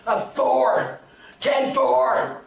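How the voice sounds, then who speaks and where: A woman under arrest, shouting belligerently at police, swearing and rambling. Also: sits high, very animated, extremely slow. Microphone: police body camera. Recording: echoey far-off bodycam audio with faint noise.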